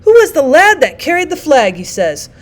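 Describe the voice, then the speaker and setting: A woman's voice: high voice, moderate pace, pitched above the performer's own voice. A woman voicing an eager young soldier telling big news and mimicking officers' voices. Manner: excited storytelling, mimicking others.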